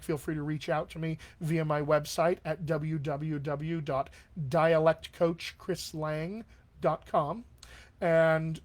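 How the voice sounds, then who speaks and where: A man working as a dialect coach, answering viewer questions on a live stream in an encouraging, conversational way with plenty of fillers. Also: on the high side. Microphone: webcam or desk mic on a live stream.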